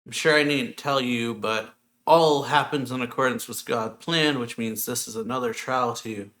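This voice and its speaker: A man's voice: medium pitch, normal speed, a bit bright, lightly acted. A man reading aloud the formal, earnest lines of a devoted male angel servant.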